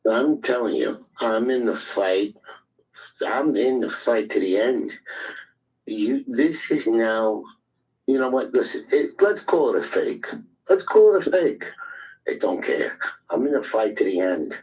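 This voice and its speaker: A man's voice: mid-range voice, expressive, measured pace, darkish tone, rough recording. A man in a heated online voice chat, angry and defiant, swearing often and repeating himself. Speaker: Twitter space participant.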